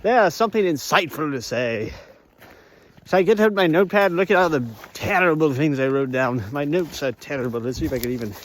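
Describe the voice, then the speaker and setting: A man talking casually in a walk-and-talk vlog, playful and rambling, often drifting into sing-song and laughter. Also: mid-range voice. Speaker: vlogger. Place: outdoors on a walk.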